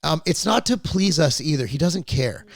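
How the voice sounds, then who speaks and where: A man's voice: fairly high pitch, animated, normal speed, creaky, dry recording. A middle-aged man hosting a podcast, telling family stories in a rambling, profane, casual way. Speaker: podcast host. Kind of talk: casual chat.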